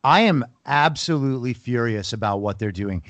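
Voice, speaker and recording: A man's voice: medium pitch, animated, moderate pace, fairly bright tone, no room sound. A man hosting an interview, earnest and sympathetic, turning indignant at what he hears. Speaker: podcast host. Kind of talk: conversational interview.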